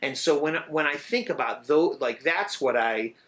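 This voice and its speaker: A middle-aged man, a drummer, talking in a casual interview, animated and swearing freely as he sings out rhythms. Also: on the high side, moderate pace.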